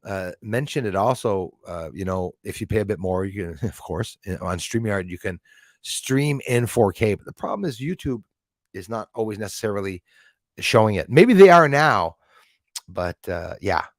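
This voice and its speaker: Guy rambling on his live stream, thanking chat folks, kinda low voice, dry sound. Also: animated, moderate pace, no room sound. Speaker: livestream host.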